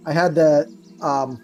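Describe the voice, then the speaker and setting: A man's voice: a little high, a little mellow, poor audio. A man playing a tabletop game, chatting casually with the table. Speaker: player.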